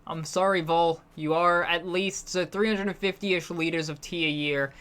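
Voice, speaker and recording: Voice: medium pitch, fairly even intonation, moderate pace, a bit bright, clear, resonant tone. A streamer with a slight British accent chatting casually while playing a game live, answering chat and often restarting sentences.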